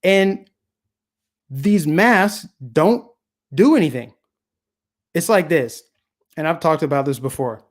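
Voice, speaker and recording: A man's voice: a little high, slow, pauses often. A man hosting a solo political commentary show, talking casually with a sarcastic tone and lots of rhetorical questions. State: voice getting scratchy.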